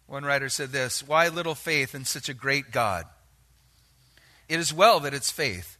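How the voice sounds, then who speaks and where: Animated, bright-voiced male preacher. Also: a little high, a little slow. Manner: animated, shifts between hushed and shouted quotes. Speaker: pastor. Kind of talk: sermon.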